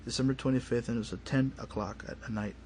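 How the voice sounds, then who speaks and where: Talking quickly with a creaky voice, a studio guest who investigates the paranormal relates his story on the radio, animatedly performing the family's dialogue in a casual manner. His pitch is mid-range, with a faint hiss under the recording.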